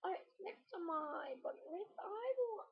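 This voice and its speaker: Giggly high-voiced teen girl vlogging. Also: a little slow, gravelly. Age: late teens. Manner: giggly, rambling, excitable. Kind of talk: casual vlog chat. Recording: dull lo-fi home video audio.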